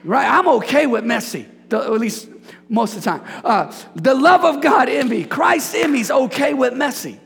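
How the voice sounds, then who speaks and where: Raspy high-voiced preaching man in a hall. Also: moderate pace. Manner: animated, preachy, jokes with congregation. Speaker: pastor. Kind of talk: sermon. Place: church sanctuary. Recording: hall reverb.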